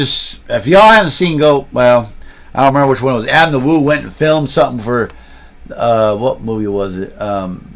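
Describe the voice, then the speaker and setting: This is a man's casual vlog and livestream chatter, shot handheld, as he rambles through a long story with restarts and side comments. His voice is medium in pitch with a fairly bright tone.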